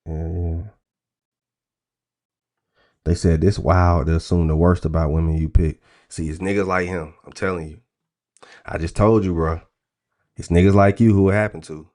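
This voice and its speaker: A man hosting a livestream, talking in a blunt, crude, animated rant full of profanity. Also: low-pitched, moderate pace, pauses often. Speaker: trading stream host.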